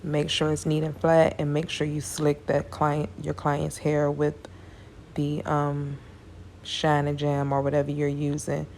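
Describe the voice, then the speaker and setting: A woman with a low, gravelly voice walks viewers through a braiding tutorial in a relaxed, chatty way. She sounds tired and speaks in a flat, even tone. Faint background noise sits under her voice. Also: unhurried. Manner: casual, chatty, addresses viewers as y'all. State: tired, yawning. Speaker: hair braider. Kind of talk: hair tutorial talk.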